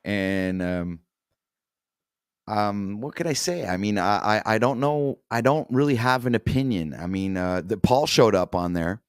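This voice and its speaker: A man's voice: lowish voice, animated, a little slow, clean tone, dry recording, studio quality. A man co-hosting a livestream, answering hesitantly with many fillers. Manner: hesitant, full of ums. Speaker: co-host. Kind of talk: casual livestream chat.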